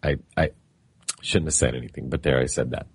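A man with a non-native accent hosting a studio talk show, playful, halting, with many restarts and laughs. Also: extremely low pitch, steady tone, gravelly, slightly rough, dry recording. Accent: non-native English accent. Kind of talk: casual studio chat.

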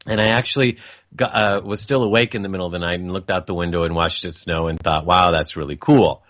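A man's voice: deep voice, flat delivery, fast talker, fairly bright tone, dry recording, studio quality. Reflective man telling a personal story. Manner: reflective, with frequent restarts and asides.

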